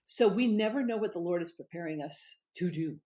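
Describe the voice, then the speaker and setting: A middle-aged woman, a guest on an interview show, telling stories in an animated, emphatic way. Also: on the low side, fairly quick. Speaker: guest, author and former candidate. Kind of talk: conversational interview storytelling.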